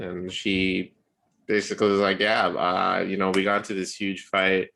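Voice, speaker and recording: A young man co-hosting a podcast, telling a dating story in a casual, animated way and acting out the quotes with a jumping voice. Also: moderate pace, vocal fry, slight background noise. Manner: animated storyteller, acts out quotes with rising pitch. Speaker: podcast co-host.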